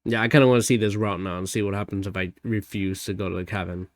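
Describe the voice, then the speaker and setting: A man's voice: fairly low pitch, fairly even intonation, fast talker, no room sound. A man casually commenting while playing a game, reading choices aloud with sarcastic asides. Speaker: gaming channel host. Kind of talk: casual let's play commentary.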